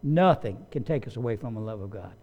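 A man's voice: lowish voice, lively intonation, brisk, highs cut off. A man preaching a sermon as pastor, emphatic and repeating key phrases for weight.

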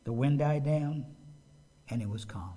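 A man preaching a sermon as a pastor, in a conversational, animated way, often acting out quotes. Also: mid-range voice, measured pace.

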